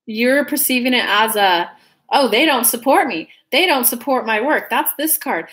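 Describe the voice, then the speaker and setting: A woman's voice: a little high, expressive, moderate pace, fairly bright tone. A woman giving a casual tarot reading to her viewers, chatty and rambling, often restarting her sentences. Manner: talks straight to viewers as "guys". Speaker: tarot reader.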